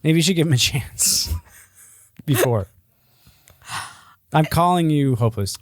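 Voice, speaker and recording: A man's voice: fairly high pitch, expressive, a little slow, no room sound, clean studio sound. A man co-hosting a podcast, chatting casually, teasing and joking with some swearing. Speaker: podcast co-host.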